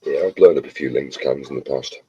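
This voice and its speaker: A man's voice: extremely low pitch, brisk, mellow, slightly rough, dry recording. A man from England chatting casually and telling jokey stories with friends. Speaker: co-host. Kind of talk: casual chat. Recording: dull, lo-fi sound.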